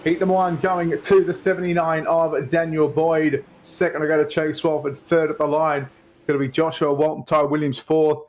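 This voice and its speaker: Slightly high-voiced man calling race results. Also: normal speed, slight background noise. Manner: builds excitement, calls finishing order. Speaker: co-commentator and driver. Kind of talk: sim racing play-by-play commentary.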